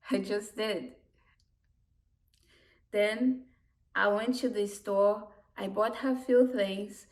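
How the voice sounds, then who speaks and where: A woman telling a personal story about her own life in a halting, emotional way, with broken restarts. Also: mid-range voice. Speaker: immigrant community worker. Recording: voice distant from the mic.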